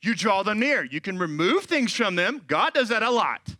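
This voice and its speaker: A man preaching a sermon in a high, bright voice, animated and slipping into quoted voices. The sound is dry and close, with no room echo. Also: moderate pace. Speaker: pastor.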